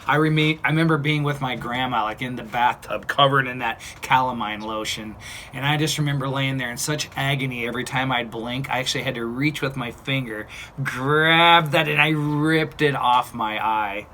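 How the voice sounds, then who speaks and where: A man's voice: mid-range voice, moderate pace, sharp tone, a little hiss or hum. A man in his fifties, telling a personal story to camera in a chatty, blunt way with playful asides. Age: 50s. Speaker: vlogger.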